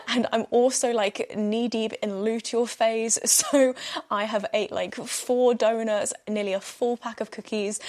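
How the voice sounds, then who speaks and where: A young British woman hosting a casual solo podcast, telling stories in a chatty, self-mocking way and laughing often. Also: fairly high pitch. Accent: British English. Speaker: podcast host.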